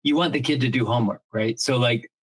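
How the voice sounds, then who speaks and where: A man's voice: mid-range voice, fast, breathy edge, low-quality recording. A middle-aged man co-hosting a podcast in casual chat, earnest and reflective, thinking aloud with many restarts and the odd casual swear word. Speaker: podcast co-host.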